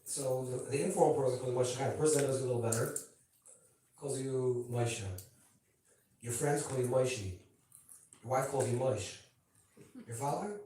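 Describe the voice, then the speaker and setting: A rabbi with a warm, mid-range voice gives an informal teaching talk to a gathering, speaking conversationally, checking that listeners follow, and tossing playful asides to the audience. The recording has a little hiss or hum and sounds very echoey, his voice distant.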